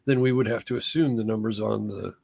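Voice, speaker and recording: A man's voice: on the low side, steady tone, a little fast, gravelly, darkish tone, dry recording. A man co-hosting a casual podcast, mostly chiming in with short, dry remarks. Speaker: podcast co-host. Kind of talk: casual chat.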